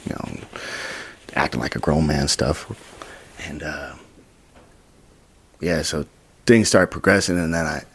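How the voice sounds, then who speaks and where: A young man in his twenties from Utah, telling his story as a podcast guest, acting out quotes with whispers and sudden high bursts. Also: a little slow, gravelly, pauses often, husky. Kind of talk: storytelling in casual interview.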